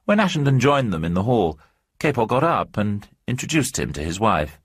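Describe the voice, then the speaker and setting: A man reads a short story aloud at a measured storytelling pace. His low voice is a touch husky. It rises and falls expressively and sounds dry and close to the mic. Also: very animated, dry recording. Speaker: narrator. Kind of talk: scripted narration of a short story.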